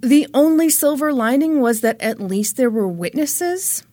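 A woman's voice: high voice, lively intonation, unhurried, warm tone, no echo. A woman hosting a podcast, telling a true-crime case in a chatty, dramatic way and swearing freely. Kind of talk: casual storytelling.

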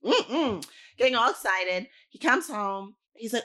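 A woman's voice: on the high side, measured pace. A woman co-hosting a casual chat show, telling a story with lots of laughter. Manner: animated storyteller, laughs often. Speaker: co-host.

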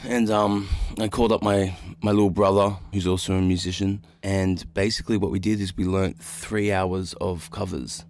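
An Australian man in his thirties, a musician guest telling stories in a relaxed, rambling way with lots of fillers. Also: sits low, normal speed, few pauses. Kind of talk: casual podcast chat.

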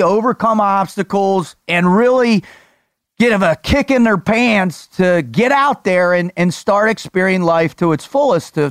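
A man hosting a casual podcast chat, energetic and swearing freely as he tells stories. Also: high voice, dry recording, studio quality. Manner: energetic, profane storyteller. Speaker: podcast host.

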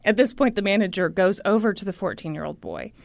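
A woman host telling a story in a lively chat, acting out the quotes. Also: mid-range voice, quick pace, creaky, no echo. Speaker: podcast host.

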